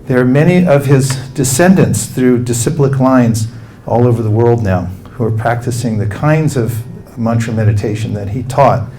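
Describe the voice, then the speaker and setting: Mellow-voiced male meditation teacher. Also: mid-range voice, slight background noise. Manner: calm, instructive, leads the audience through chanting. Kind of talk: spiritual talk with guided mantra chanting.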